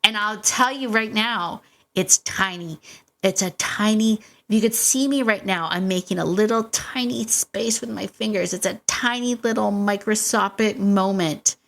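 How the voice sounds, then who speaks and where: Speaking a little slowly in a gravelly, mid-range voice, this dog-training podcast host guides listeners casually and encouragingly. The middle-aged woman is warm, laughs frequently, and tends to repeat herself.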